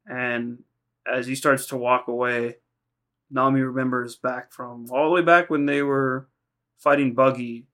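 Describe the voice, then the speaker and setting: A man's voice: medium pitch, fairly even intonation, a little slow, fairly bright tone. A man co-hosting a podcast, casually recapping anime episodes in a rambling, profane way, acting out lines in quoted voices. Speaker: podcast co-host.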